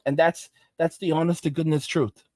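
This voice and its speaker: A man's voice: on the high side, level tone, normal speed, mellow, dry recording. A man hosting a commentary channel, ranting in an exasperated, lecturing way with frequent restarts.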